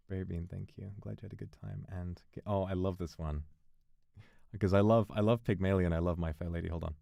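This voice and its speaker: A man streaming and chatting casually, musing in a relaxed way and thanking viewers for donations. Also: sits low, normal speed, vocal fry, pauses often, no room sound. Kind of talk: casual livestream chat.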